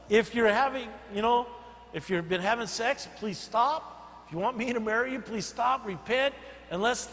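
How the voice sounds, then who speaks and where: Older pastor guy preaching, highish voice, goes quiet then loud, echoey church w a bit of hum. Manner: storytelling, swings from soft asides to loud emphatic bursts. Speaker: senior pastor. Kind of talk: sermon. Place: church sanctuary.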